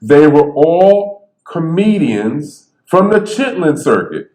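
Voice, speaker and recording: A man who stutters, telling stories on stage in a lively, conversational way and acting out the people he quotes. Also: on the high side, takes it slowly. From Bridgeport, Connecticut. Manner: animated, conversational, acts out quotes. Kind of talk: storytelling talk. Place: theater stage. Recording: echoey theater.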